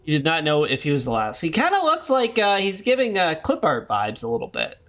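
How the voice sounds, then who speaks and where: Young male game streamer, slightly high voice with lively pitch swings, jokey and rambling, reads on-screen text aloud. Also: a little fast. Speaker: streamer playing a horror game. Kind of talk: live gameplay commentary.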